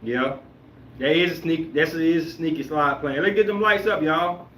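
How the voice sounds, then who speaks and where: Guy hosting a chat show, bright forceful voice, kinda highish, rambles, roomy echo. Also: moderate pace, slight background noise. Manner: animated, emphatic, rambling. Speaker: podcast host. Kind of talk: casual chat reacting to viewer comments. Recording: roomy echoey room.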